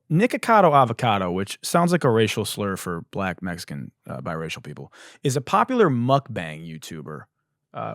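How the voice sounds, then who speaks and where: Guy doing a comedy podcast rant, swearing a lot, punny, bit hoarse, voice jumps all over, dry close sound. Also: mid-range voice, no echo. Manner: riffing wordplay, profane, animated. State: slightly hoarse. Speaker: podcast host.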